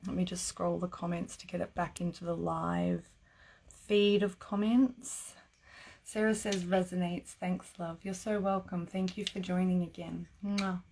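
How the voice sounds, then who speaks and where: A woman's voice: lowish voice, flat delivery, a little slow, creaky, a little mellow. A woman giving live-streamed psychic readings in a chatty way, laughing often and filling her talk with "like". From Australia. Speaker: psychic reader.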